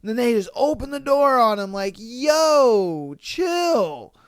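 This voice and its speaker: A man's voice: very high voice, brisk, clean tone, dry recording, clean studio sound. A man hosting a podcast, reading out listener stories and reacting with crude jokes and laughter. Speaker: podcast host.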